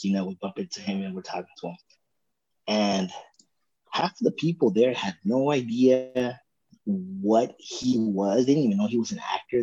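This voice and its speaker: A man on a podcast telling a story in a relaxed, casual way, often saying "dude". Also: lowish voice, slightly rough. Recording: dull lo-fi sound.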